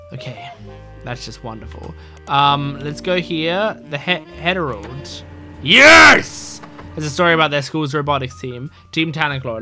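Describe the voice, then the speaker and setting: A man casually playing a mystery game, reading its text aloud and rambling through side stories. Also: medium pitch. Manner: rambling, full of fillers and restarts.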